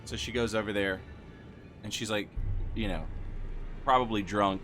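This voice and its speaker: A man's voice: fairly low pitch, steady tone, normal speed, long pauses, fairly bright tone, soft background music. A man streaming a game and telling a rambling story in casual chat, full of fillers and restarts as he builds to a punchline. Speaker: Twitch streamer. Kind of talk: casual storytelling while gaming.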